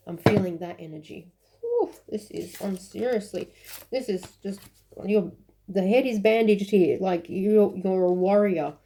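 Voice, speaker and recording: A woman's voice: medium pitch, warm tone. A woman giving a casual, rambling tarot reading to her viewers, with frequent fillers and self-corrections and emotional, emphatic moments. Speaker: tarot reader.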